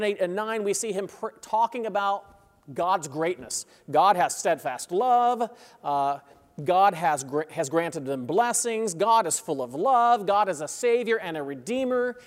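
A man preaching a sermon as a pastor, conversational, checking in with his listeners, chuckling between phrases and building in intensity. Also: high-pitched. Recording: long reverb of a large hall.

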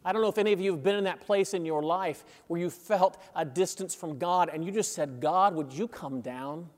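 Male pastor, high voice, conversational sermon with tag questions, long hall reverb. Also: fairly quick, darkish tone. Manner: conversational, checks in with "right?"; chuckles between phrases, grows intense.

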